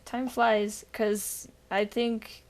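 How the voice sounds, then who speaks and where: A woman co-hosting a casual podcast chat, tired and deadpan after being sick, rambling with fillers. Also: fairly high pitch, drawn-out words. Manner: rambling with frequent fillers and laughs. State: recovering from illness. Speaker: podcast co-host.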